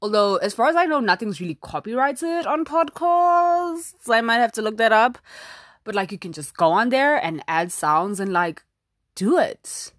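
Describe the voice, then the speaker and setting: A woman's voice: a little high, lively intonation, moderate pace, a bit bright, no echo, studio quality. A young woman hosting her first solo podcast, chatty and dramatic, full of "like" fillers. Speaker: podcast host. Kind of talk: casual solo podcast chat. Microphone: phone app recording.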